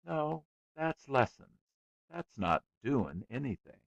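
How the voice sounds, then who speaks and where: A man's voice: mid-range voice, very animated, takes it slowly, creaky, no echo, muffled recording, voice pushed up, exaggerated voice. A man voicing a sulky, bored schoolboy who pleads and complains emphatically in an audiobook. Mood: sulky pleading.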